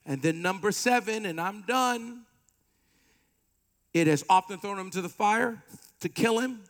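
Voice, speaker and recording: A man preaching a sermon with animated delivery, playful asides and call-and-response with the congregation. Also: high voice, a little slow. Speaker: pastor.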